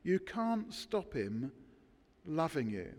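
A man preaching a sermon, emphatic, with dramatic pauses between words. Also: fairly high pitch, big pitch swings, darkish tone, big-room sound. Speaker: pastor. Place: church.

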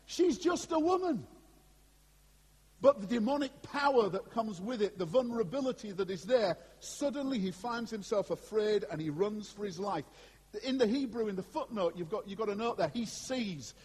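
A man preaching a sermon to a congregation in an animated, conversational way, with asides to his listeners. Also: high voice, husky. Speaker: pastor. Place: church before a congregation. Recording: long hall reverb.

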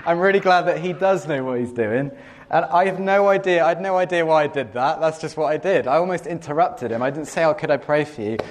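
This man's voice is fairly high and brisk. Preaching with sincerity, he shares a story from his own life, stressing points by saying words twice and now and then bursting into laughter.

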